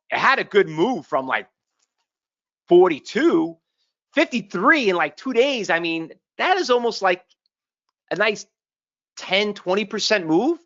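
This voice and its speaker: A brash trading educator talks through charts in a live webinar, firing one rhetorical question after another. The voice sits at a middling pitch. The audio is dull and lo-fi, like a streamed online session. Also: a bit bright. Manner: punchy, street-smart, full of rhetorical questions and tag "okay?".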